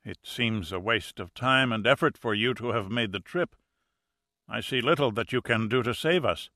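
A man voicing a gloomy, fatalistic doctor who speaks solemnly and slowly, read as an audiobook character. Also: mid-range voice, bright, forceful tone, no echo, clean studio sound. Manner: solemn, slow.

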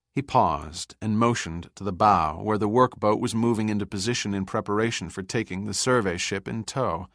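An American man narrating an audiobook thriller in a measured, even reading. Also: on the low side, no room sound, studio quality.

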